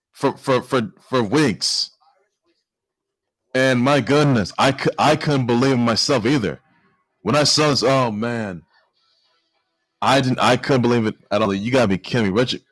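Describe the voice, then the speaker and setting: A man hosting a sports news show, talking excitedly and stammering through restarts and exclamations. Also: medium pitch, dry recording. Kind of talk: casual sports news commentary.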